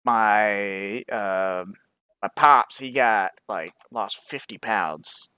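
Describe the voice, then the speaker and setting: A man's voice: on the low side, extremely slow, pushed and bright, clear, resonant tone, no room sound. A young American man co-hosting a live-streamed podcast, joking around and swearing freely. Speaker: podcast co-host. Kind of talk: casual live-stream chat. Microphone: stream microphone.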